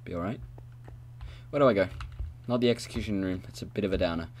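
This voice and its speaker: Talking quickly in a low, somewhat mellow voice, a gamer narrates his run through an adventure map over a headset mic. It's casual let's-play chatter: he rambles, talks to himself, and makes silly noises.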